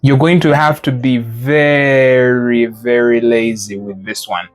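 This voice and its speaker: Soft music plays as a Mandarin teacher, speaking slowly in a medium pitch with fairly even intonation, leads a live group lesson. Students are patiently corrected: sounds are modeled, then explained with playful imagery.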